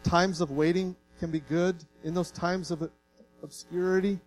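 A man's voice: high voice, fairly even intonation, a little slow, slight background noise, rough recording. A male pastor from Canada preaching a sermon in an earnest, folksy way, mixing plain stories with light self-deprecating jokes and growing emotional.

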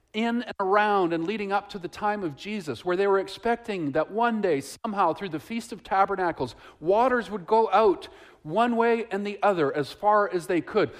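A man preaching a sermon, reading scripture with soaring emphasis and dropping to hushed, reflective asides. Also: on the high side.

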